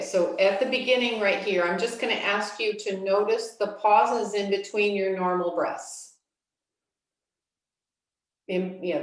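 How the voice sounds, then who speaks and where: Woman, yoga teacher, guided breathing, calm and soothing, unhurried, distant mic, heavy room echo. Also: medium pitch. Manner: slow, calm, soothing instructions with long pauses. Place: yoga studio.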